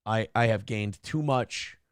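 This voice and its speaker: A man with a smooth, lowish voice speaks a little slowly as he hosts a late-night stream. He's tired and a touch drunk, swearing freely and launching into rants when irritated, recorded in a studio with no echo.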